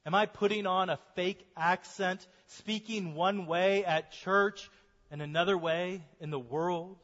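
A man's voice: high voice, fairly even intonation, measured pace, fairly bright tone. An American man, a pastor, preaching an earnest sermon to his congregation in a church. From United States. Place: church sanctuary. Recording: dull sound with long hall reverb.

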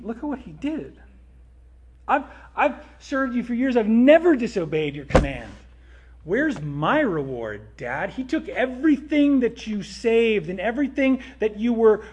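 A man's voice: high voice, darkish tone, husky, highs cut off, voice pushed up, exaggerated voice. Man doing an aggrieved, whiny older brother. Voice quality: strained, complaining.

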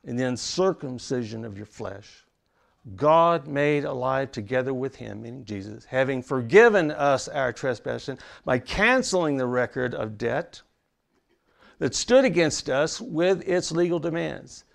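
Gravelly, slow-speaking male preacher. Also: medium pitch, animated. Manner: dramatic preaching, dropping to near whispers for emphasis. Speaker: pastor. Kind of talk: sermon.

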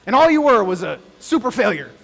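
High-voiced male pastor in a reverberant hall. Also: big pitch swings, a little fast, gravelly. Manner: conversational, swings between loud emphasis and quiet. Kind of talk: sermon. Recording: long hall reverb with faint music.

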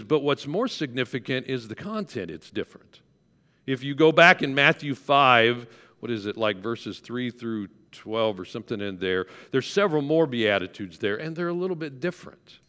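A man's voice: mid-range voice, fairly bright tone. A pastor preaching a conversational sermon, coaxing his congregation to repeat words after him. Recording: long hall reverb.

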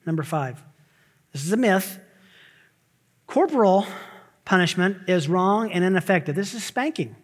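High-voiced preaching man in reverb. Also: lively intonation. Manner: emphatic preaching with rising exclamations and quick asides. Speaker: pastor. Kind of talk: sermon. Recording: long hall reverb.

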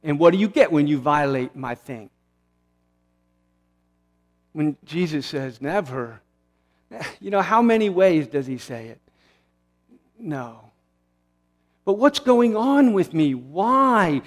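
A man's voice: fairly high pitch, animated, slow pace, pauses often. A man in his forties giving an earnest, conversational sermon as a pastor, with restarts and asides. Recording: long hall reverb.

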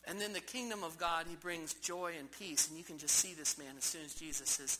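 A man's voice: fairly high pitch, a little fast, few pauses, pushed and bright, slight background noise, poor audio. A man preaching a sermon in a church service, emphatic and full of rhetorical questions to the congregation. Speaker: pastor.

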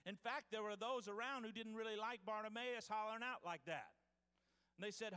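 A man's voice: high voice, moderate pace, bright, forceful tone, smooth, long reverb tail. A man preaching a sermon as pastor, reading scripture aloud with restarts and calling out to his congregation.

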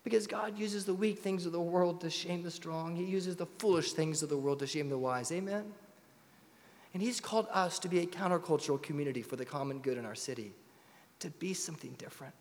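A man preaching a sermon as pastor, firing rhetorical questions and swinging from loud urgency to hushed tones. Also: on the high side, a little fast. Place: church sanctuary. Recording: long reverb in a large hall.

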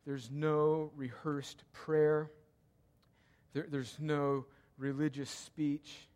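A man preaching a sermon as pastor, emphatic and repetitive, swinging from loud cries to hushed, quiet passages. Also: fairly high pitch, little pitch movement, very slow. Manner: emphatic, repeats key lines, swings between loud cries and hushed tones. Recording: long hall reverb.

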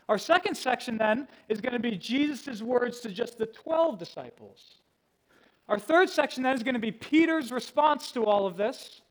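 A man's voice: very high-pitched, poor audio. A man preaching a sermon to a congregation, teaching verse by verse and laying out a plain outline. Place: room with a congregation.

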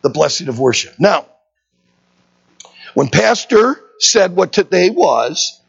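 Pastor, sermon; husky, very animated pitch; asks the room questions. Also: slow. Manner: animated storytelling preacher, rhetorical questions to the congregation. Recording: dull lo-fi recording.

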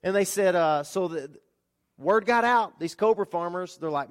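A pastor preaching a sermon, telling stories with lively rhetorical questions to his congregation. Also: fairly high pitch, brisk.

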